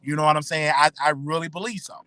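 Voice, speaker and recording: A man's voice: a little high, steady tone, quick pace, sharp tone, no echo. A man hosting his own show, talking casually to his listeners in a chatty way, often repeating himself and restarting his words. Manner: repetitive, chatty, stammering restarts; addresses listeners directly. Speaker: show host. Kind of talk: casual commentary stream.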